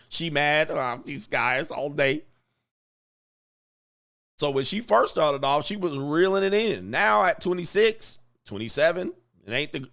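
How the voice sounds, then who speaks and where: A man's voice: mid-range voice, fairly bright tone, clean tone. A man hosting casual commentary, brash and slangy, chuckling often and hammering his punchlines. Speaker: commentary host.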